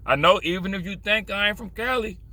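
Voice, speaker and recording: A man's voice: high voice, a little fast, bright, forceful tone. A man from Richmond, California, with a Californian accent, giving blunt, profane, rambling street commentary in a casual vlog.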